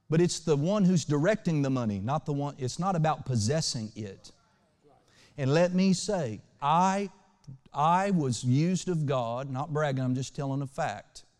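A male pastor preaching a sermon in a fairly high voice. He swings between loud lines and hushed ones and checks in with the congregation. The recording carries the long reverb of a church hall. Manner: asks the congregation for responses.

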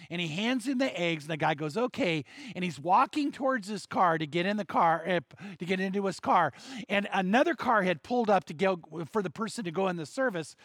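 A high-voiced man preaching and telling a long story from the pulpit, acting out each person's lines with lively shifts. The sound is dry and close, with no room echo. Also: a little fast. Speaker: pastor. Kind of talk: sermon storytelling.

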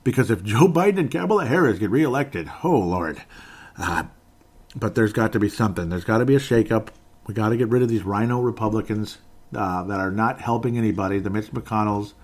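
A man's voice: lowish voice, fairly quick. Heated rambling man on a podcast. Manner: rambling, heated, many fillers and restarts. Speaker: podcast host. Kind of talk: political commentary monologue.

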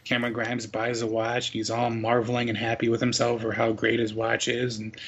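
Husky-voiced man in casual podcast chat. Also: medium pitch, monotone, a little fast. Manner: wry, acts out quotes. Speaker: podcast co-host. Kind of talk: casual wrestling recap chat.

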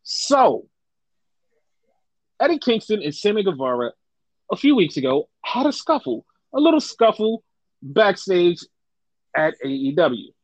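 A man hosting a casual podcast chat, telling stories in a profane, animated way and putting on voices for the people he quotes. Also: high-pitched, unhurried, long pauses, dry recording, rough recording. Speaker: wrestling podcast host.

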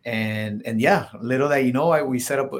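A man chatting as a podcast guest, telling his stories loosely with many fillers. He gets livelier whenever he quotes what he said or thought. His pitch sits in an ordinary middle range. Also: normal speed. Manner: filler-heavy, animated when quoting himself. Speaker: podcast guest, solar salesman. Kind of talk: casual interview storytelling.

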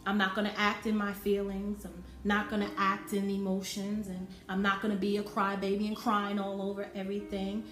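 A woman preaches a sermon in a monotone, medium-pitched voice with a fairly bright tone, speaking at a moderate pace with few pauses. She is emphatic, repeating phrases with rising force to drive her points home. The recording has a roomy echo and faint music.

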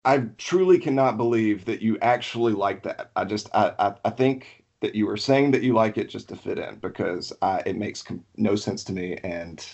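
A man's voice: on the low side, moderate pace, creaky, few pauses, darkish tone, highs cut off. A man from Alabama, a podcast guest, chatting casually in a laid-back, rambling way and laughing easily. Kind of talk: casual chat.

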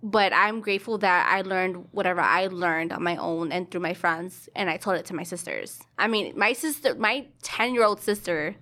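A woman's voice: lowish voice, moderate pace, few pauses. A woman co-hosting a podcast, chatting casually. She tells family stories with animation and slips into the voices of the people she quotes. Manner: animated storyteller acting out family conversations. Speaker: podcast co-host. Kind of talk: casual chat.

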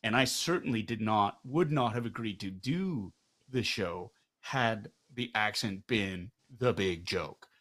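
A man's voice: lowish voice, a little slow, fairly bright tone. A middle-aged man, a guest in a candid interview, making his points with rhetorical questions and a tag of "right?". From Canada.

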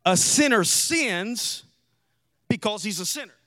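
A man preaching a sermon as pastor, dropping to quiet asides and rising to shouted, sung emphasis. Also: sits high, lively intonation, slow pace.

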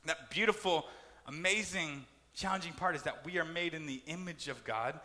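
A man preaching a sermon as pastor, animated and acting out complaining voices. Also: high voice, big-room sound.

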